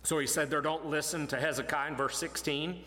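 A man preaching an expository sermon, animated and emphatic, pushing his voice up to stress points. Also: fairly high pitch, brisk. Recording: long hall reverb.

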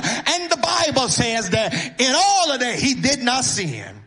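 A man preaching a sermon, half-chanting his lines, repeating words for emphasis and building up to shouts. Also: very high-pitched, wildly swooping pitch, measured pace, hardly any pauses. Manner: intoning and chanting, rising to shouts.

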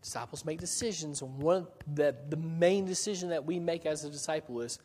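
A man's voice: on the high side, brisk, a little mellow, slightly rough, big-room sound. A man preaching a sermon in a church, talking in a conversational way with frequent restarts and rhetorical questions. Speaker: pastor.

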